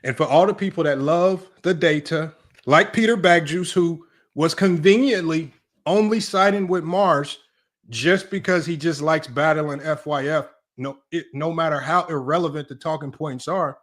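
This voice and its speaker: A man's voice: on the high side, fairly bright tone. A man hosting a livestreamed sports debate, emphatic and repetitive, often tagging his points with a question. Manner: emphatic, repetitive, keeps asking "right?". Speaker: sports debate show host.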